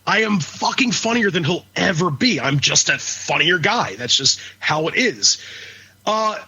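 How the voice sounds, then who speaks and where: Ranting, swearing man, high lively voice. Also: unhurried, slightly rough. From northern US. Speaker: podcast co-host. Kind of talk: casual profane chat. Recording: dull lo-fi podcast audio.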